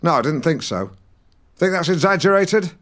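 A man's voice: on the high side, lively intonation, normal speed, fairly bright tone. An actor playing a pompous, touchy middle-aged male broadcaster from Norfolk, hosting a podcast in a comic monologue, defensive and rambling as he answers a troll. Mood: sheepish. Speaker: podcast host.

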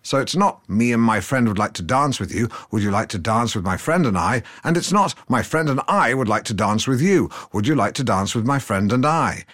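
An English actor playing a pompous, pedantic, self-satisfied broadcaster who rambles through a scripted comedy monologue. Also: male voice, medium pitch, lively intonation, brisk, few pauses, fairly bright tone. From England.

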